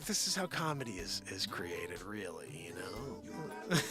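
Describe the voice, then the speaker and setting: A man's voice: low voice, sing-song, measured pace, over loud music. Giggly man rambling through improv comedy. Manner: rambling, giggly, bursts into shouts. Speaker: comedy show host. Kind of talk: live improv comedy monologue.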